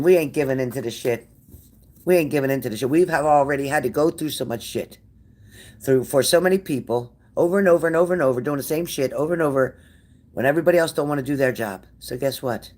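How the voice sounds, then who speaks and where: A woman's voice: rumbling low, darkish tone. A woman hosting a casual livestream, blunt and sassy, cursing freely as she answers viewer comments. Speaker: livestream tarot reader.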